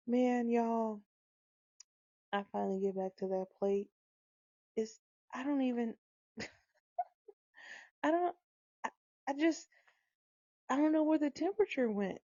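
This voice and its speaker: This is a mother in her thirties telling a comic story in a relaxed, chatty way. Her voice sits a little high but sounds mellow and gravelly. The recording is dull and dry. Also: a little slow, pauses often, no room sound. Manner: animated, laughing, repeats herself for effect. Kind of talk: casual storytelling.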